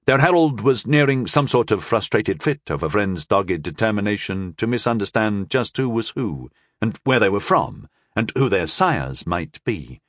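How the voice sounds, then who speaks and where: A man narrating an audiobook in the first person with a wry, expressive storytelling manner. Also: fairly low pitch, moderate pace, hardly any pauses, no echo, studio quality.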